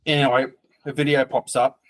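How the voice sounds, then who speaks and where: A man's voice: mid-range voice, flat delivery, fairly quick. A man, a podcast guest telling a story in a loose, rambling way. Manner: rambling, loose, full of "like" asides. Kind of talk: casual storytelling.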